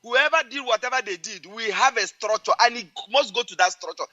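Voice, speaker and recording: A man's voice: sits high, fairly quick, pushed and bright, highs cut off. A man with a Nigerian accent calling into a radio show, speaking in a preachy, emphatic way and repeating phrases. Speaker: caller.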